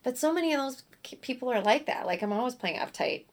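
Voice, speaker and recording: Animated woman telling showbiz stories. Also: high-pitched, fast. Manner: animated storyteller, acts out quotes, laughs often. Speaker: actress, guest. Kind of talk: casual interview chat.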